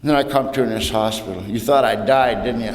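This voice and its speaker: A man's voice: lowish voice, a little fast. A man in his sixties telling his own recovery story to an audience in a plainspoken, humorous way, with casual slang. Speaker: recovery meeting speaker. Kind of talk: personal story told to an audience. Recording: roomy hall reverb, faint noise.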